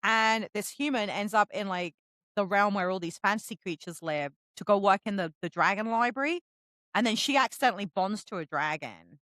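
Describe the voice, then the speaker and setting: A woman co-hosting a book podcast in casual chat, who swears freely and acts out quotes with big jumps in pitch. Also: brisk, a bit bright, no room sound. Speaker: podcast co-host.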